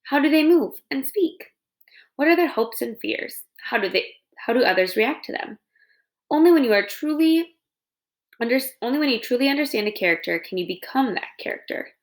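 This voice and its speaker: A woman puts on a chatty storybook possum who loves to perform. She sounds high and bouncy, swooping all over, with a bit of gravel in her voice, and she is eager to please. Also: lively intonation, moderate pace. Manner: dramatic, gushing, eager to please. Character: chatty theatrical female possum. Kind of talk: reading a children's novel aloud.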